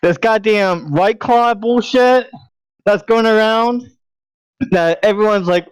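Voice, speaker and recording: A man's voice: high voice, takes it slowly, clear, resonant tone, no room sound, rough recording. A man co-hosting a podcast, ranting in an exasperated way, swearing and leaning on "like". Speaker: podcast co-host. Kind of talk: profane ranting podcast chat.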